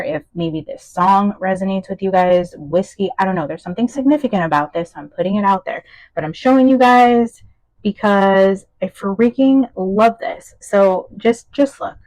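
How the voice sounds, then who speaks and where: A young woman talking casually through a tarot and psychic reading, chatty, excitable and unsure of herself. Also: medium pitch, no echo, poor audio. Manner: chatty, self-doubting, excitable. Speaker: tarot reader and medium. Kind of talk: casual channeled-message reading.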